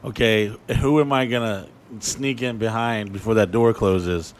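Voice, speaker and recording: A man's voice: lowish voice, fairly even intonation, a little slow, slight background noise. A man telling blunt, profane stories from touring in a casual conversation. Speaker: touring show host. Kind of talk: raunchy casual storytelling.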